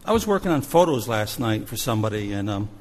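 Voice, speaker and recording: Storytelling missions pastor in a reverberant hall. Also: male voice, lowish voice, fast. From New Jersey. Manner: animated storytelling with shifting loudness. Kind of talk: sermon story. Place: church sanctuary. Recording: long church hall reverb.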